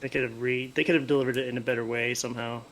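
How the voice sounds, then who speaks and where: A man's voice: medium pitch, level tone, rapid-fire, fairly bright tone, a little hiss or hum, low-quality recording. A man co-hosting a podcast, chiming in with short agreements and loose rambling takes in a casual movie discussion.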